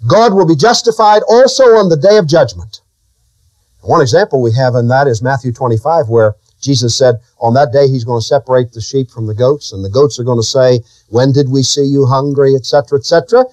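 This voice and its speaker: This preacher talks fairly quickly in a slightly mellow voice, questioning his listeners and abruptly raising and lowering his pitch to drive points home. The audio has no echo.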